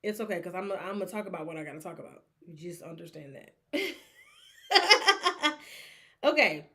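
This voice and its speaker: A woman hosting a casual solo sports talk show, speaking in an animated, rambling way and acting out the fans' reactions. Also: fairly low pitch, quick pace. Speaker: sports podcast host.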